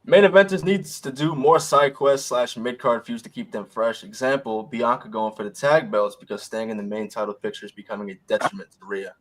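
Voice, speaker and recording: A man's voice: mid-range voice, a little fast, few pauses, poor audio. A man co-hosting a wrestling podcast in casual chat, reading viewer takes aloud and brushing some off.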